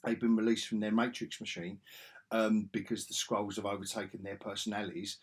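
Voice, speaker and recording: A man's voice: lowish voice, expressive, a little fast, slightly rough. A man giving a casual video review, ranting sarcastically and exasperatedly, with frequent restarts. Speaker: film reviewer.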